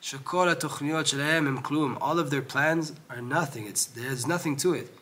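This Torah teacher rapidly reads out Hebrew passages and explains them in English, frequently starting over mid-thought. His voice rises loud and high as he gets animated and sinks low during lecturing.

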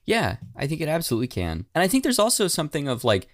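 A man's voice: on the high side, wildly swooping pitch, fast, dry recording, studio quality. A man co-hosting a podcast in casual chat, candid and swearing freely, with plenty of fillers. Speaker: podcast co-host.

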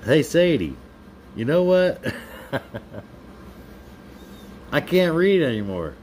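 A man's voice: fairly high pitch, sing-song, slow pace, darkish tone, a little hiss or hum. A man on a live stream, reading viewers' comments aloud and answering them with playful, teasing banter. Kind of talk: casual live-stream chat.

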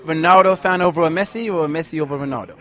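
A young man fires off quick, eager questions in a rapid, chatty flow. His voice is slightly high for a man. He is recording outdoors at an event. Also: a bit bright. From London. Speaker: podcast host interviewer. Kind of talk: casual interview.

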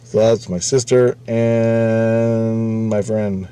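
Dark-voiced man telling a rambling story. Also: lowish voice, level tone, slow pace, smooth. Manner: rambling, profane, repeats himself. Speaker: vlogger. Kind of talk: casual storytelling.

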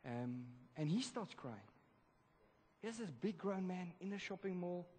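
A man preaching a sermon, telling a story in a lively, casual way with slang. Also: high voice, measured pace, slightly rough. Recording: reverberant church hall.

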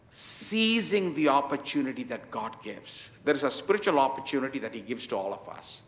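A man preaching a sermon in an emphatic way, with many pauses and fillers. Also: mid-range voice, lively intonation, fairly bright tone, echoey room. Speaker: pastor.

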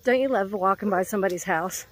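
A woman talks fast at medium pitch, with slight noise in the background. She's a vlogger walking outdoors along a neighborhood road, casually chatting into a handheld phone camera and a little short of breath.

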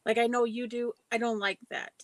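A woman with a slightly high voice, speaking firmly and with emphasis as a guest in a casual chat. The recording is dry and close, with almost no room sound. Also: little pitch movement, brisk, no echo, rough recording. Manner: firm, emphatic about her own way of working. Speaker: guest psychic medium.

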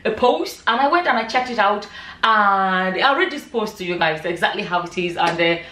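A woman's voice: mid-range voice, expressive, moderate pace, sharp tone, echoey room, recorded from a distance. A woman chatting casually as a vlogger, reading comments aloud and laughing often.

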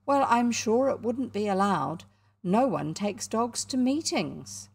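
A woman's voice: a little high, animated, takes it slowly, creaky, breathy edge, pitched above the performer's own voice, heavily acted. A woman with a New Zealand accent voicing a soothing, cheerful mother in a storybook reading.

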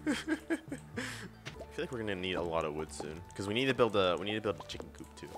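Excitable young guy gaming, laughing. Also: lowish voice, fairly quick, over music. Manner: excitable, laughs a lot, swears. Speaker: co-op gamer. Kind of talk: casual let's-play banter.

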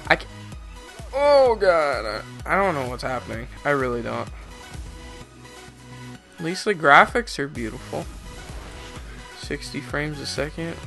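Young guy doing chill gameplay commentary, kinda high voice, griping about lag. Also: sing-song, a little slow, creaky, pauses often, sharp tone, soft background music. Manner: frustrated, rambling, laughing at lag.

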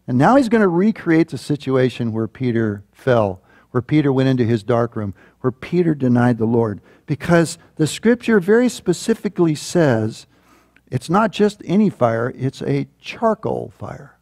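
Animated man preaching a sermon. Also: medium pitch, no echo, studio quality. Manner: animated storytelling, acting out quoted voices. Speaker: pastor. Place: church.

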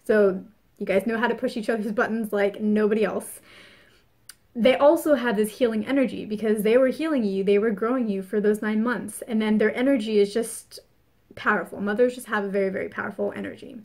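A woman's voice: medium pitch, fairly even intonation, brisk, darkish tone. A woman giving a casual spoken astrology forecast, chatty and earnest, repeating phrases for emphasis. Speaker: spiritual reader.

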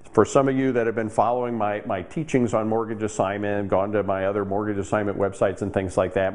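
A man's voice: lowish voice, darkish tone. A man, a real estate investor, telling a casual story to camera with frequent fillers.

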